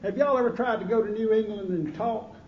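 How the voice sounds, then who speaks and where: A high-voiced man with a Southern US accent tells folksy, joking stories as an after-dinner speaker. He is recorded from a distance in a roomy banquet hall, so the sound is muffled and echoey. A dinner crowd murmurs behind him. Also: brisk. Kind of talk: humorous speech.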